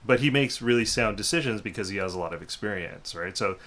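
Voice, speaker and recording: A man's voice: fairly low pitch, animated, quick pace, fairly bright tone. A man co-hosting a casual podcast chat, building his point and checking in with "right?" as he goes. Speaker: podcast co-host.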